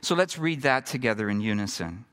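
A middle-aged man preaching a sermon, moving from emphatic build-ups to quiet, hushed points. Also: lowish voice, animated, fairly quick, clear, resonant tone. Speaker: pastor.

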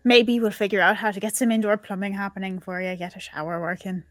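A woman's voice: medium pitch, fairly even intonation, fast talker, no room sound. A woman playing a tabletop game, playful and teasing. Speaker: player. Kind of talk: casual tabletop play.

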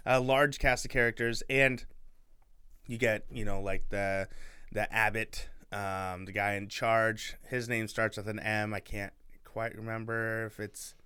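Bright, clear-voiced young man rambling. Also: lowish voice, flat delivery, unhurried. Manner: rambling, filler-heavy storytelling. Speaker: podcast co-host. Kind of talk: casual chat, retelling a book.

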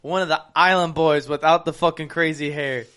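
A young man co-hosting a casual podcast, telling a profane story with loud bursts of laughter. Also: fairly high pitch, fairly even intonation, moderate pace. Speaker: podcast co-host.

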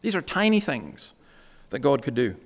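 A man's voice: mid-range voice, very animated, creaky. Conversational male preacher in a reverberant hall. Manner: conversational preaching, slows for emphasis. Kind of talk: sermon.

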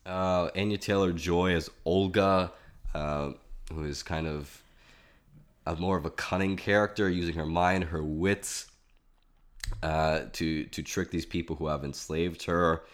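A man with a very low voice talks through a film in casual podcast chat. He is analytical and steers the conversation, weighing each point before moving on. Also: fairly even intonation, measured pace. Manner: analytical, leading the discussion.

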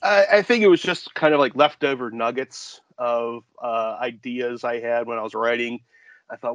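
A man's voice: medium pitch, moderate pace, fairly bright tone, no echo, lo-fi sound. A man being interviewed on a podcast as a guest author, telling rambling stories and laughing at his own jokes. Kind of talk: casual podcast chat.

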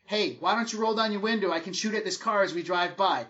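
A man's voice: high-pitched, fast talker, pushed and bright, far from the mic, voice pushed up. A man voicing a crude, cocky male mercenary who boasts and flirts. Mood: excited. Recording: dull lo-fi recording.

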